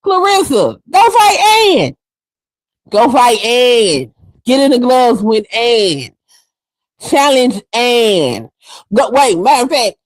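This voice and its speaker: A woman's voice: on the high side, dry recording, low-quality recording. Fiery, sassy woman ranting on a livestream. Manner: fiery, sassy and emphatic, repeats phrases. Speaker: livestream host. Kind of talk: heated livestream commentary.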